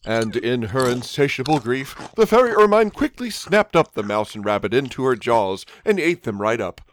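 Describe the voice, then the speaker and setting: A man's voice: medium pitch, very animated, normal speed. A man narrating a comic adult storybook in a mock-innocent fairy-tale manner.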